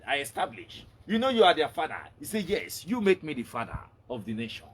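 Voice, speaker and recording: A man's voice: on the high side, a little fast, slightly rough. A man teaching as a religious preacher, telling a story with acted-out dialogue and repeated words. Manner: animated retelling, repeating words, acting out dialogue. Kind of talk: storytelling sermon to online viewers.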